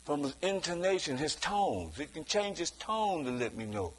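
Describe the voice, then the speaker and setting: A preacher with a fairly high, very animated voice speaks at normal speed, treating his sermon like a chat with the congregation. He keeps asking the rhetorical "you see?", chuckles between points, and slips into other people's voices to act out everyday scenes. The recording is rough.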